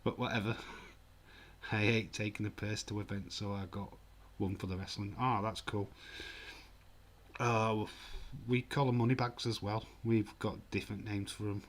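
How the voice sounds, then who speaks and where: A man's voice: fairly low pitch, little pitch movement, moderate pace. A man in his forties with a Yorkshire accent, hosting a casual livestream, joking, laughing often and reading out viewer comments. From England. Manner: jokey, laughs often, mild swearing. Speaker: livestream host.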